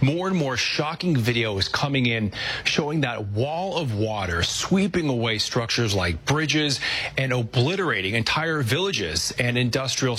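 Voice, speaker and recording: Husky male field reporter. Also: mid-range voice. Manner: steady, serious narration. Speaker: field correspondent. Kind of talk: radio news report.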